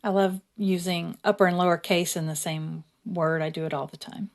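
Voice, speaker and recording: Chatty woman narrating a craft video. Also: fairly low pitch. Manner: relaxed, chatty, reads verses aloud slowly. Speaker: creator. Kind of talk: casual craft tutorial narration.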